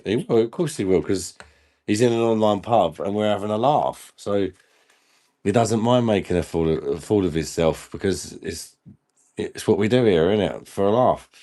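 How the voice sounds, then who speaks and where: A man's voice: lowish voice, moderate pace, warm tone. A man hosting a casual live stream, laughing often and bantering with viewers in the chat while he drinks.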